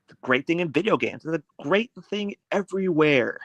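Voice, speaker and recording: A man's voice: fairly high pitch, animated, a little fast, no echo. A man with a slightly raised voice argues his points bluntly in a casual podcast chat. His dry, close recording has no room sound. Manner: blunt, matter-of-fact arguing. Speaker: podcast co-host.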